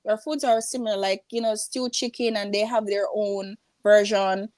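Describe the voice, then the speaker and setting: This Jamaican business owner, a guest in a casual interview, animatedly narrates stories and voices the characters she quotes. Her pitch is medium, her speed normal, and there's no room sound.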